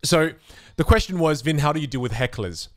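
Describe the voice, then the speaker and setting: Answering viewer questions on a live stream, a young man who teaches magic chats casually and animatedly, voicing spectators and hecklers. He speaks briskly at a fairly high pitch, in a dry, studio-quality recording.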